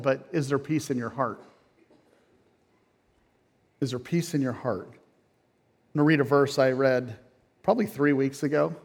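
A middle-aged pastor preaches a sermon that swings from quiet, low phrases to loud, emphatic peaks.

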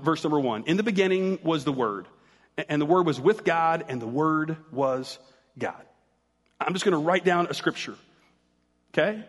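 Conversational pastor in a reverberant hall. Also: male voice, on the high side. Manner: conversational, joking with the congregation. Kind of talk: sermon.

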